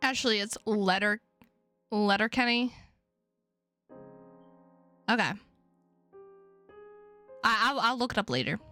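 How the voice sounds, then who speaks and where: Over soft background music, a woman streamer reads a visual novel's text aloud, chatting playfully and swearing freely between lines. Her medium-pitched voice sounds pushed and bright, and she goes slowly, leaving long pauses.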